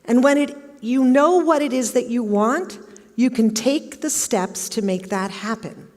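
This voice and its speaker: A woman's voice: fairly high pitch, unhurried, darkish tone. A middle-aged woman giving a motivational talk on stage, telling a personal story and acting out the questions she quotes. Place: large auditorium. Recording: long hall reverb.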